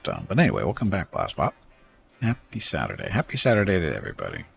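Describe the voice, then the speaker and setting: A man's voice: very deep voice, wildly swooping pitch, fast talker, gravelly, a little hiss or hum. A man casually commenting on his space strategy game during a live stream, rambling, thanking viewers and joking about word pronunciations.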